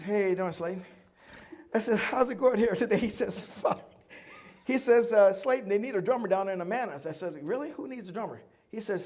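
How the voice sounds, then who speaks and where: An older man giving a live oral history talk, telling stories animatedly, acting out other people's lines and laughing often. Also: sits high.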